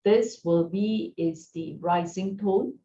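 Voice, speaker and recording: A woman teaching a beginners' Mandarin lesson, gentle and encouraging, often checking in with her learners. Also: fairly low pitch, takes it slowly. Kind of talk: slow, patient language lesson. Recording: roomy, distant, dull sound with faint hiss.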